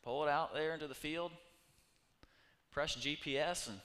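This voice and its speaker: A man preaching a sermon as pastor, animated and acting out the voices of the people he quotes. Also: on the high side, moderate pace. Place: church hall. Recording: echoey hall reverb.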